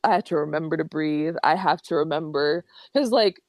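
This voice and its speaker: A drag king guest in a casual podcast interview, excitable and rambling, self-deprecating and quick to laugh. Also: deep voice, dry recording. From Ohio.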